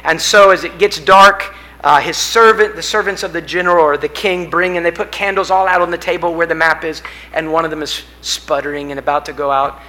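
A male preacher with a high, bright voice delivers a sermon. He tells it like a story, building and rising in force on the big images, then dropping back down. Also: poor audio. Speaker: pastor.

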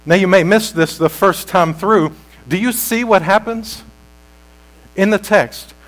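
Male pastor, sermon delivery, unhurried and measured, fairly high voice, builds to big emphatic climaxes. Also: poor audio. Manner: slow, deliberate preaching that swells to loud emphatic peaks. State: sweating.

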